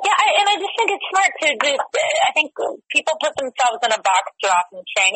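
A woman actress chatting casually in an interview, animated and laughing often, with quick asides. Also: high-pitched, dry recording, low-quality recording. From United States.

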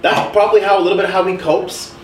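A young man co-hosting a casual podcast chat, telling stories and acting out what people said with lively swings in his voice. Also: sits high, fast talker, a little hiss or hum. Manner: animated storyteller, acts out quotes. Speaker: podcast co-host. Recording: roomy sound, mic at a distance.

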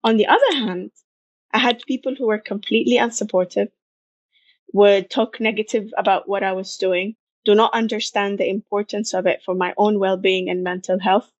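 A woman speaks as a guest in a relaxed interview, animated and repeating her points for emphasis. Her voice sits at an ordinary middle pitch. The recording is close and dry, with no room sound. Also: moderate pace, dry recording, muffled recording. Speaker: podcast guest, marathon runner. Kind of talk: conversational interview.

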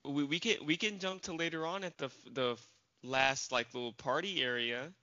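A man's voice: a little high, normal speed, bright, forceful tone. Blunt, swearing male co-host. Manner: blunt, swears freely, stammers on restarts. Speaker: podcast co-host. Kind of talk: casual chat. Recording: dull lo-fi recording.

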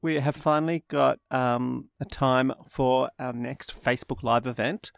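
A man co-hosting a podcast, chatting casually with rambling enthusiasm. His mid-pitched voice has a gravelly edge. The recording is close and dry. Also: steady tone, unhurried, no echo. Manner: enthusiastic, rambling, laughs often. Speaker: podcast co-host. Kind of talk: casual travel podcast chat.

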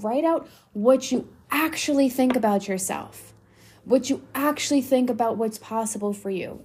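A woman's voice: sits high, dark tone, slightly rough. A young adult woman hosting a motivational solo podcast, talking bluntly and swearing freely for emphasis. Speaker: podcast host.

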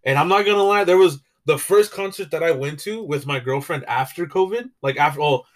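Rambling young man, slightly high voice. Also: lively intonation, brisk. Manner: rambling, casual swearing, filler-heavy. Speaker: podcast co-host. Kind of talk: casual chat.

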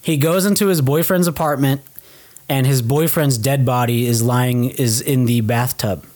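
A young man with a mid-range voice co-hosts a podcast, casually and animatedly recapping a film at a moderate pace. He swears offhandedly and acts out the characters' lines.

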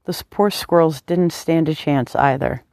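A woman's voice: sits low, a little slow, vocal fry, dry recording, studio quality. A woman reading a tender, devoted young man. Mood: teasing. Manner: soft, affectionate, teasing.

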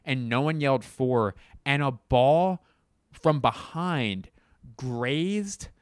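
A man's voice: mid-range voice, takes it slowly, no room sound. Profane rambling man telling a story. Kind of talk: casual comedic monologue. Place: at home, in a bedroom.

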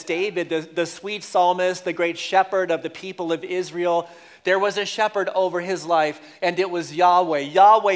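A pastor preaching a lively sermon, joking with the congregation and repeating key lines for emphasis. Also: male voice, high voice.

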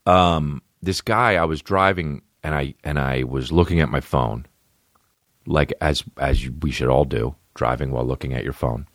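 A man in his thirties with a deep, low-pitched voice tells a podcast story in a loose, profane, self-mocking way. His delivery wanders and restarts, and he is recorded close with no room sound. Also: normal speed, dry recording. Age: 30s. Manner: profane, rambling, self-deprecating. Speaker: podcast host. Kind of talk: casual comedic storytelling.

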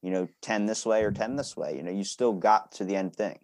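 A man's voice: lowish voice, brisk, a little mellow, dry recording. A man hosting a podcast in casual chat, joking around loosely and swearing now and then. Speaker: podcast host.

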